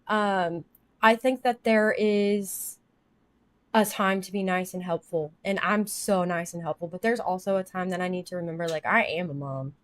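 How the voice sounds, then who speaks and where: A woman in her thirties livestreams from her home office, her medium-pitched voice a bit bright with no room sound. She talks candidly and emotionally about family life, rambling as she reads chat comments aloud.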